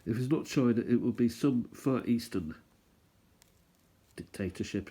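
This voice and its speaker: A man's voice: medium pitch, lively intonation, normal speed, dark tone, husky. A man hosting a stamp collecting channel, rambling and thinking aloud as he chats casually through what he's showing. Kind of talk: casual show-and-tell chat.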